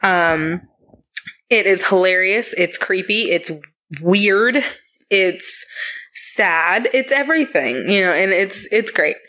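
Mom co-hosting a podcast, chatty and swears a lot, tells stories with lots of energy. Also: female voice, medium pitch, slow pace. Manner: swears freely, animated storytelling. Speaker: podcast co-host. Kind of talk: casual chat.

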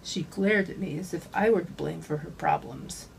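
A woman's voice: fairly low pitch, normal speed, vocal fry, a little hiss or hum, poor audio. A woman author reading her own hardboiled mystery novel aloud in a dry, wry first-person narration.

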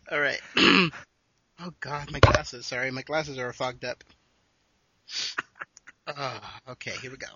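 A man's voice: mid-range voice, steady tone, slow, long pauses, pushed and bright, muffled recording, slight background noise. A man co-hosting a podcast, laughing helplessly and stopping to compose himself between lines. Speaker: podcast co-host. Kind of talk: casual podcast reading. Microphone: close personal mic.

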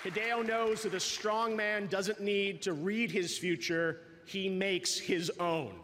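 A man's voice: sits high, fairly even intonation, slow, fairly bright tone, slight background noise. A man hosting an awards show, giving an earnest speech that builds up to introducing the honoree. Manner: earnest, building to a big announcement. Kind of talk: stage presentation speech. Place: large event hall. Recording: reverberant event hall recording.

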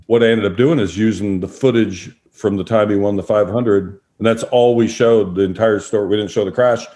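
Lower-voiced man telling long stories. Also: fairly quick. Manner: relaxed anecdotal storytelling with voiced quotes. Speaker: guest, former sports broadcaster. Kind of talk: storytelling in a podcast interview.

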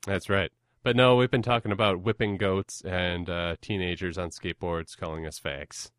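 A man's voice: sits low, fairly even intonation, normal speed, a bit bright, clean tone, dry recording, studio quality. A young man hosting a podcast in casual, self-deprecating chat, rambling and often laughing. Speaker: podcast host.

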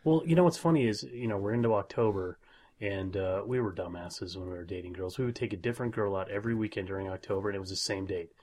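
A man with a low voice chats casually as a podcast co-host. He tells crude stories with dry humor, in a relaxed, offhand way. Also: fast talker. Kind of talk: casual chat.

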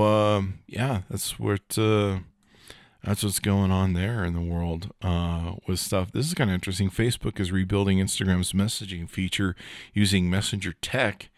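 A man's voice: deep voice, no room sound, clean studio sound. A male podcast host giving a casual, rambling rundown of tech news, joking and swearing as he goes. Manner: rambling, profane, joking asides.

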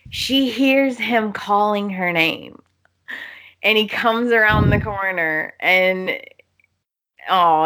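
A woman's voice: lowish voice, sharp tone. A woman co-hosting a podcast, animatedly recapping soap opera scenes, laughing often and acting out characters' lines. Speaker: podcast co-host.

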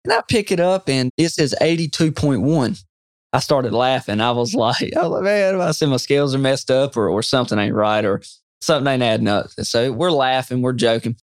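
A man, a guest telling an excited fishing story in an interview, quoting himself often. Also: medium pitch, no echo, clean studio sound. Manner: excited, animated storyteller who quotes himself a lot. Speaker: guest angler.

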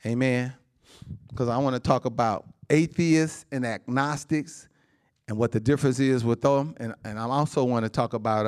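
A male pastor delivering a sermon in an animated, call-and-response way, checking in with his congregation again and again. His voice sits in an ordinary middle register, jumping high and loud with excitement and laughing through his lines before falling to a soft, hushed prayer.

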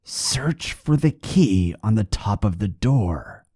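A man doing a hushed, eerie talking corpse. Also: fairly low pitch, animated, slow pace, breathy edge, heavily acted. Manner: hushed, sighing, curt commands. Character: eerie talking male corpse, quiet and insistent.

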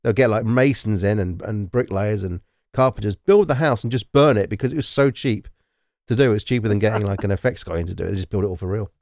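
A man talking through a film in a casual, rambling way, pausing often with ums. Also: on the low side, darkish tone, no room sound, clean studio sound. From Britain. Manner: rambling, hesitant with many ums. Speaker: podcast co-host.

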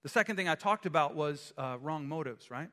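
A man preaching a sermon as pastor, animated and acting out scenes with quick changes of voice. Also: fairly high pitch. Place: church sanctuary. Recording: echoey hall.

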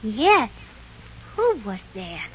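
A woman's voice: fairly high pitch, wildly swooping pitch, extremely slow, husky, exaggerated voice. A woman voicing an earnest young boy who politely scolds others, in 1930s radio drama style. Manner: scolding, earnest, bright child-like delivery. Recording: muffled old radio recording.

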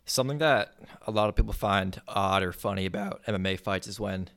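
Low gravelly male interviewer with a bright edge. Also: brisk. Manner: relaxed, friendly questioning with small fillers. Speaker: interviewer, host. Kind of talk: conversational interview questions.

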